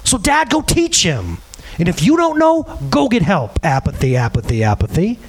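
Animated, earnest man preaching. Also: very high voice, measured pace. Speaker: pastor. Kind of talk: sermon.

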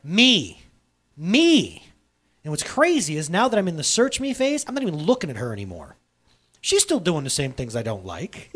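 Animated pastor with lively pitch. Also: male voice, normal speed, breathy edge. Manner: conversational, candid and animated, with sudden loud bursts. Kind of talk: sermon. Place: church hall.

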